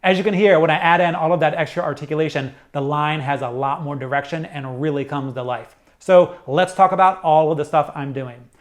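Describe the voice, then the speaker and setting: A middle-aged man teaching a saxophone lesson, explaining jazz articulation step by step in a clear, methodical way. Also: a little high, steady tone, a little fast, hardly any pauses, soft background music. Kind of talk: instructional music lesson.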